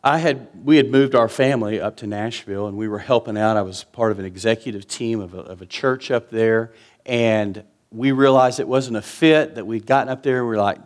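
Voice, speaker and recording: A man's voice: medium pitch, fairly quick. Earnest preacher man in his fifties. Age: 50s. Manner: earnest and conversational, with emphatic repetition. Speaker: pastor. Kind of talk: sermon.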